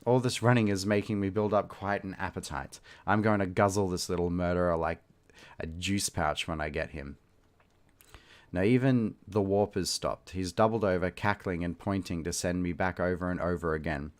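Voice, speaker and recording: A man's voice: sits low, normal speed. A man reading a short story aloud, with loose, chatty asides where he laughs at himself. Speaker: reader and host.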